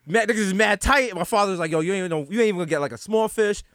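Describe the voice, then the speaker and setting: High-pitched bronx dude w/ ny accent, rapid storytelling, slang, dry close mic. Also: male voice, clear, resonant tone, no echo. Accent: New York. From the Bronx, New York. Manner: animated storytelling, swearing, slang. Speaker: podcast co-host. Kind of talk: casual comedic chat.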